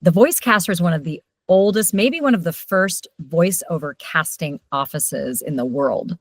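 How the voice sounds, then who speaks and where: She's a middle-aged voiceover coach speaking on the low side, with no room sound in the recording. Chatting in a casual interview, she tells stories animatedly and jumps quickly between loud and soft.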